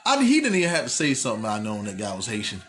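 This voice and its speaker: A man hosting a casual comedic wrestling recap podcast. He tells profane, animated stories and jumps into exaggerated voices when he quotes people. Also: fairly low pitch, racing. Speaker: podcast host.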